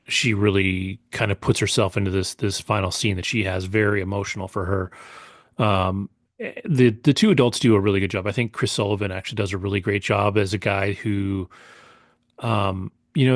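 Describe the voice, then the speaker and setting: Guy on a podcast rambling thru a movie review, lots of ums, kinda low voice, dry close sound. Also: no echo. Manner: rambling, many fillers and restarts. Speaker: podcast co-host. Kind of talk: casual movie review chat.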